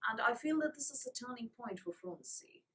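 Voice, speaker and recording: A woman's voice: a little high, lively intonation, brisk, a bit bright, distant mic, poor audio. A woman reviewing old children's books in a casual, wry manner, reading passages aloud between comments. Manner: wry, lightly sarcastic. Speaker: book reviewer.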